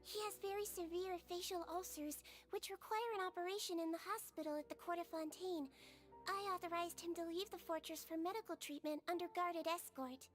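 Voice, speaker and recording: Brief: high, soft-spoken caring creature nurse for a game, faint music under her. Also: fairly even intonation, brisk. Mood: patient. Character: gentle small female nurse creature. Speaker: head nurse.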